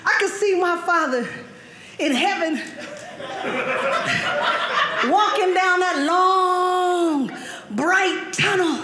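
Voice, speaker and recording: A woman's voice: very high voice, extremely slow, pauses often. A young woman performing a stand-up comedy set, telling stories and laughing through her lines. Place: comedy club stage before an audience. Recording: echoey stage with loud noise.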